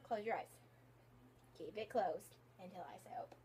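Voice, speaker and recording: A woman's voice: mid-range voice, normal speed, dark tone, slight background noise. A young woman vlogging at home, chatting casually and giving bossy instructions with frequent giggles. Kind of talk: casual chat.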